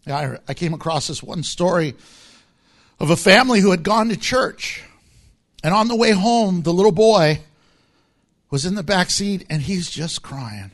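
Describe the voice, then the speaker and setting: Animated high-voiced male preacher. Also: a little slow, pauses often. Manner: animated preaching with acted-out quotes and laughter. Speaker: pastor. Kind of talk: sermon.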